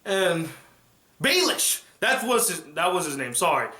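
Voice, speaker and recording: A man giving a casual, animated reaction review of a TV episode, retelling scenes excitedly. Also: sits high, a little slow, echoey room.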